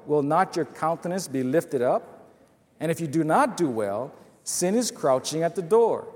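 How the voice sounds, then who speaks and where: Male pastor, high voice, sermon in a big reverberant church hall, storytelling delivery. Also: a little mellow. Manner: preacher telling stories and reading scripture aloud.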